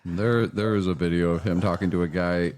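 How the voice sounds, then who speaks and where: A man's voice: deep voice, steady tone, a little fast, darkish tone. A man co-hosting a casual podcast, laid-back and telling stories. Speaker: podcast co-host. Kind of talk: casual chat.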